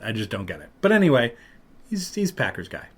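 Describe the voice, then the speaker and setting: Animated male podcast host telling stories. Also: medium pitch, quick pace, husky. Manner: animated, acts out loud quotes of other people. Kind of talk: casual storytelling chat.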